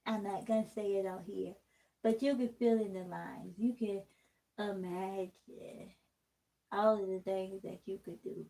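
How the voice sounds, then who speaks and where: Candid woman vlogger with a mellow voice. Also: medium pitch, fairly even intonation, a little slow, vocal fry, rough recording. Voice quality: distinctive voice that people comment on. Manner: candid, rambling, talks straight to the camera. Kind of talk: casual vlog chat while taking out braids.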